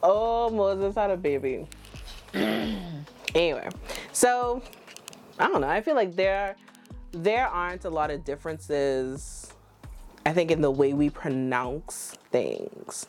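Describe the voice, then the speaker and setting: Deep-voiced woman host, chatty and teasing, faint music bed. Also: slow pace, long pauses. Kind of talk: casual chat, word-reading comparison.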